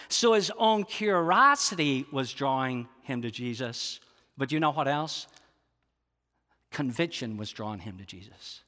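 A pastor preaching a sermon in an earnest, confessional way, often asking the congregation questions. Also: male voice, a little high, bright, forceful tone, in a large hall. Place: large church sanctuary.

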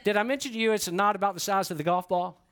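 A middle-aged man preaching, telling an animated, self-deprecating story and asking the congregation questions. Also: sits high, fast, clean tone, soft background music. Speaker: pastor. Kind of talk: storytelling sermon. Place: church before a congregation.

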